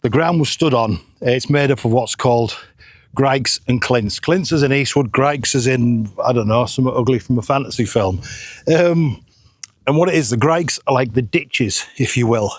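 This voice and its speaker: A man's voice: medium pitch, moderate pace, no echo, clean studio sound. A middle-aged man, chatting casually and joking at his own expense while vlogging outdoors on a hillside. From England. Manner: chatty, self-deprecating, jokey. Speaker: photography vlogger.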